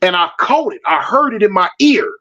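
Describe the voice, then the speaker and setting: A man's voice: high-pitched, a little fast, soft background music. A man telling a street story in casual slang, acting out the voices and answering his live chat. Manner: animated, slangy, acts out voices in his stories. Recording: dull lo-fi audio.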